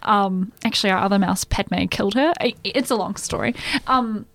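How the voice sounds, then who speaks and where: A young woman co-hosting a casual book podcast, bubbly and quick to laugh. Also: mid-range voice, creaky, a bit bright, no room sound. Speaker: podcast co-host.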